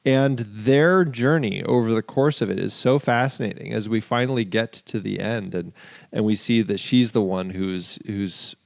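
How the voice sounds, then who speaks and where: A man's voice: lowish voice, moderate pace, creaky, no echo, studio quality. A man co-hosting a casual film discussion, agreeing often and then making his point. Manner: frequent agreeing backchannels. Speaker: podcast co-host.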